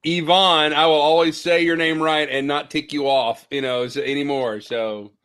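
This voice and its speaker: A man's voice: a little high, steady tone, moderate pace, a bit bright, clear, resonant tone. Guy co-hosting a chat, jokey, rambling, lots of uhs. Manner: rambling, joking, many fillers. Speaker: podcast co-host. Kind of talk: casual chat.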